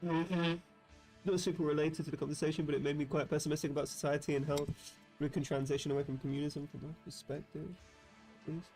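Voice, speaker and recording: A man's voice: a little high, little pitch movement, fast talker, darkish tone, faint music behind. A man chatting casually while playing a video game on a livestream, rambling and correcting himself with wry asides. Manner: rambling, self-interrupting, wry. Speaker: streamer.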